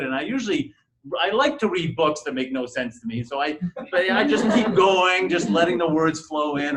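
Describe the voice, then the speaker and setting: On a university conference room panel, a middle-aged man tells his story haltingly and conversationally, full of fillers and restarts. His voice sits fairly high and sounds a bit bright, though the audio is poor.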